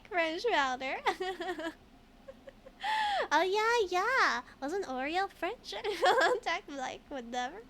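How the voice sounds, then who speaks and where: Giggly high-voiced woman streaming a game. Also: animated, slow, fairly bright tone. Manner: chatty, giggly, reads game text aloud and answers chat. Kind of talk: casual chat while streaming a game.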